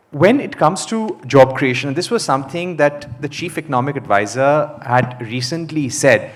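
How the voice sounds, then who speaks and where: A man moderating a panel, asking long questions with some hesitation. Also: fairly high pitch.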